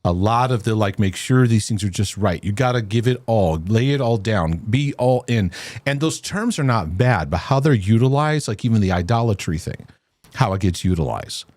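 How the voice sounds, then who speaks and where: A man hosting a casual talk show with his wife, animated, often repeating words and restarting. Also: on the low side, normal speed, no room sound. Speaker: host.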